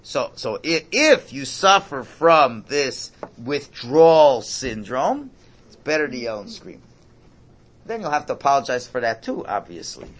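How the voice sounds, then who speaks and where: A man speaking as a rabbi, giving an informal religious talk. He repeats himself and breaks into near-shouting for emphasis. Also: medium pitch, a little slow. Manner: animated, repetitive, bursts into near-shouting for emphasis.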